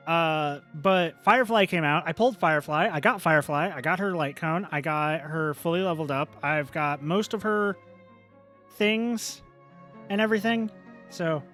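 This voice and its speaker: A high-voiced man chats casually on a live stream, reacting to a game with exasperated remarks. He takes his time between thoughts. Faint music plays behind him. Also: a little slow, pauses often, fairly bright tone.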